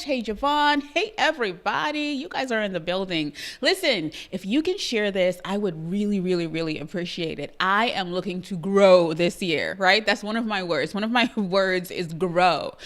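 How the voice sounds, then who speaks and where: A woman's voice: medium pitch, a bit bright. A woman with a Trinidadian accent hosting a live-streamed talk show, bubbly, laughing often and greeting her viewers by name. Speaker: livestream show host.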